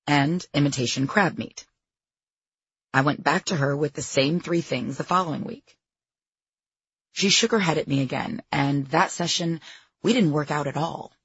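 A woman reads her memoir aloud in a candid, self-deprecating way. Her voice is quite husky, and the recording is dry and close, with a slightly muffled top end. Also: deep voice, dry recording. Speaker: memoir narrator. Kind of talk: audiobook memoir narration.

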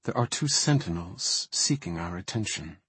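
A man voicing a calm night elf high priestess, speaking softly and gravely in an audiobook. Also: normal speed, no echo, exaggerated voice.

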